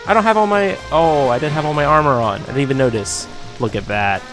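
A man giving excitable, riffing commentary on a video game he is playing. His voice sits at a middling pitch and leaps up whenever something surprises him. Game music plays clearly behind him. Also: quick pace. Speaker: gaming YouTuber. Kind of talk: let's-play commentary.

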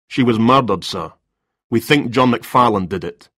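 A man's voice: medium pitch, animated, measured pace, a bit bright, husky, no echo, studio quality. A man voicing a cool, formal male police detective in a story reading, questioning in a cold, polite manner.

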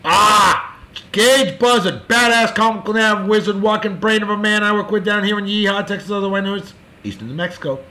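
A man hosting a casual show, giving boisterous, jokey birthday shout-outs in a folksy way. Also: high-pitched, brisk. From California. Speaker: show host.

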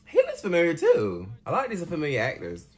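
A man's voice: on the high side, huge pitch swings, fast talker, a little mellow. A man hosting a reaction video. He talks casually and reacts with emotion, asking questions aloud as he watches a film. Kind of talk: casual movie reaction commentary. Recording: heavy background noise from the film audio.

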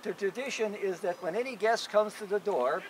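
A cunning female coyote who plays the gracious hostess, her honeyed politeness hiding a trick, as a man puts her on in a told tale. Her voice sits high and light. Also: moderate pace, noisy background, natural voice. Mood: falsely sweet. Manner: sweetly polite, falsely welcoming. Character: sly scheming female coyote wife.

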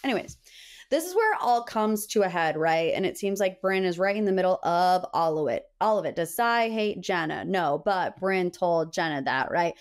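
A young adult woman hosting a podcast, recapping reality TV in a chatty, animated way full of gossipy asides. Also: fairly low pitch, moderate pace, hardly any pauses. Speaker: podcast host. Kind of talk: casual pop-culture recap.

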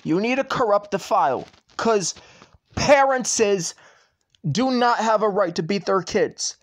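A man's voice: high-pitched, lively intonation, unhurried. A man ranting to camera in a vlog, repeating himself, swearing and addressing the platform directly. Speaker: channel owner.

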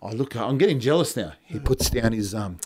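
A man, a podcast guest, telling comic anecdotes in a relaxed storyteller's way. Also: medium pitch, brisk.

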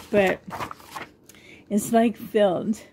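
A woman's voice: mid-range voice, a little mellow, slight background noise. A middle-aged woman vlogger chatting casually and rambling, with frequent giggles as she shows things. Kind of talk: casual show-and-tell chat.

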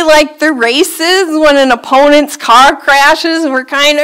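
A woman's voice: high-pitched, slow pace, hardly any pauses, fairly bright tone, low-quality recording. A woman, preaching a sermon and telling a story on herself with self-deprecating laughter.

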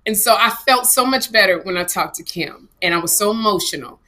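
A middle-aged woman co-hosting a casual comedy podcast, telling an animated story that swings between laughter and tears. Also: medium pitch, fairly quick. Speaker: co-host.

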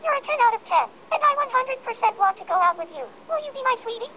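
A woman's voice: very high voice, lively intonation, fast talker, lo-fi sound, a little hiss or hum. A synthetic game voice speaking as a cheerful, chatty female villager in a sing-song, computer-made way, over game music. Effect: text-to-speech game voice.

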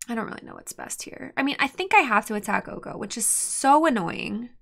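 A woman commentating her own card game play, frustrated and exasperated, sighing and swinging between muttered asides and loud outbursts. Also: a little high, expressive, moderate pace, gravelly. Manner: frustrated, exasperated venting with sighs. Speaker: streamer drafting and playing a card game. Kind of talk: live gameplay commentary.

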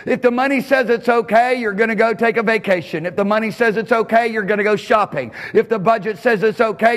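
High-voiced man preaching fervently in a hall. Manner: fervent preaching with sudden shouts and drops to a low voice; chuckles between phrases. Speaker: pastor. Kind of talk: sermon. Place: church service.

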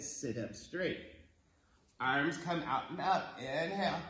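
A man's voice: on the high side, reverberant. A man leading a kids yoga class at home, encouraging and playful as he counts the breaths. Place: home room.

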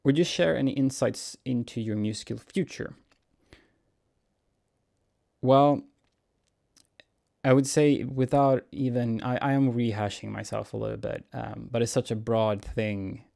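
A young man, a cellist answering viewer questions in a relaxed, musing Q&A vlog, chuckling often. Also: mid-range voice, a little slow, creaky, long pauses. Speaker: cellist and YouTuber. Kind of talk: casual Q&A vlog.

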